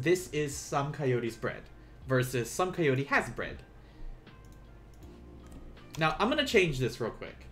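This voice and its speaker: A man teaching a live online language lesson, explaining patiently and repeating phrases slowly for learners. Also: medium pitch, sing-song, a bit bright, soft background music.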